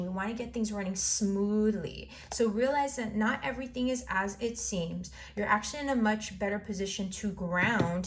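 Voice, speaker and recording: Lady doing a tarot reading, encouraging, kinda rambly, repeats herself a lot. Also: mid-range voice. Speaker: tarot reader.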